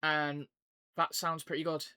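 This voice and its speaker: A man's voice: fairly high pitch, flat delivery, a little slow, sharp tone, clean tone, no echo. A man giving casual let's-play commentary, chatty and hesitant, with lots of "um" and "like" fillers. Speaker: gameplay commentator. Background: game music.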